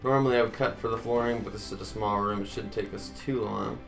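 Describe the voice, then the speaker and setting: Man, tutorial host, chatty, low pitch, faint music underneath. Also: steady tone, quick pace, vocal fry. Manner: chatty, addresses viewers as guys, counts blocks aloud. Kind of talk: casual building tutorial narration.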